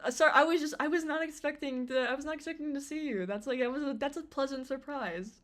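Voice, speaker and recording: Young woman streamer, loose rambling chat, slightly high voice. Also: quick pace, fairly bright tone. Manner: rambling, full of fillers and restarts. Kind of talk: casual live-stream chat.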